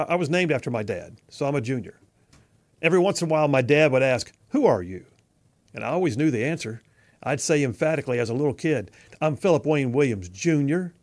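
A man's voice: mid-range voice, a little mellow. A middle-aged man hosting his show with an opinion monologue, folksy and emphatic, full of rhetorical questions. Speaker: radio host.

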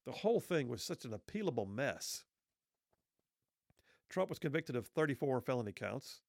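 Gravelly opinionated male radio host. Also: medium pitch, big pitch swings, moderate pace, darkish tone, no room sound, studio quality. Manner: opinionated, emphatic, storytelling. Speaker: radio talk show host. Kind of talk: talk radio commentary.

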